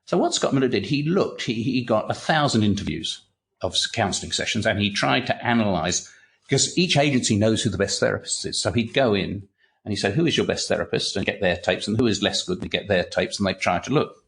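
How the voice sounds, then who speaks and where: An older man, a retired clinical psychologist, chatting as an interview guest and telling animated anecdotes, often repeating words and swearing. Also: lowish voice, a little fast, creaky. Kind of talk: casual interview storytelling.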